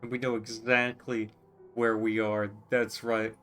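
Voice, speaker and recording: A man's voice: on the low side, little pitch movement, measured pace, a bit bright, faint music behind. Man musing through a game stream. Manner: musing to himself, reading on-screen text aloud. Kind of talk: casual gameplay commentary.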